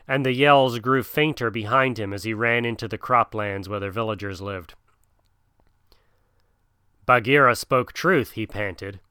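A man narrating an audiobook in a steady, measured storytelling manner. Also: on the low side, clear, resonant tone, no echo, studio quality.

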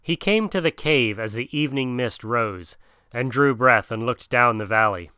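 A man narrating an audiobook in a steady, measured storytelling manner. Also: mid-range voice, smooth, dry recording, studio quality.

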